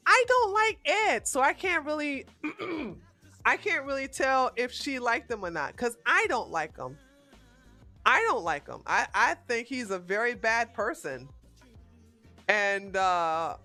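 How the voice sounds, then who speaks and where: A woman's voice: a little high, very animated, a little slow, bright, forceful tone, soft background music. A woman hosting a casual livestream, chatting frankly with viewers and reading their comments, with many restarts and laughs. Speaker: livestream host.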